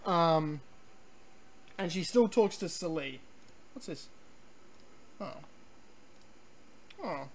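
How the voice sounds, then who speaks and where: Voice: mid-range voice, animated, drawn-out words, pauses often. A game streamer giving rambling, chatty let's-play commentary, full of ums and restarts, sometimes reading on-screen text aloud.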